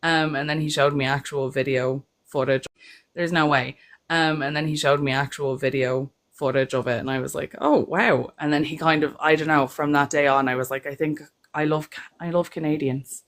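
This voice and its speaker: A woman's voice: low voice, steady tone, fairly quick, hardly any pauses. A young adult woman from Ireland with an Irish accent, chatting as a panel guest and telling stories with frequent laughter. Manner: chatty storyteller, laughs often. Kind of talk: casual chat on a call.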